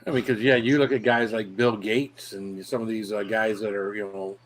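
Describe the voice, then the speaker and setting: A man's voice: lowish voice, level tone, normal speed, rough recording. A man chatting casually with friends, rambling with many fillers. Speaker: chat guest. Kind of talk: casual chat.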